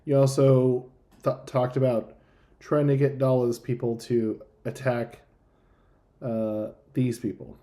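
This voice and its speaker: A man's voice: medium pitch, flat delivery, slow, warm tone. Chill guy gm, lots of uhs and restarts, mid voice. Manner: laid-back, hesitant, many fillers and restarts. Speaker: game master. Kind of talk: narrating a tabletop game.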